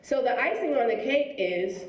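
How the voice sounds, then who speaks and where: Woman, motivational speaker, lively storyteller, higher voice, echoey auditorium heard from far off. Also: normal speed, dull audio, very noisy. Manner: lively storytelling, acts out quoted people. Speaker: school principal giving a speech. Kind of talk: motivational speech. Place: school auditorium.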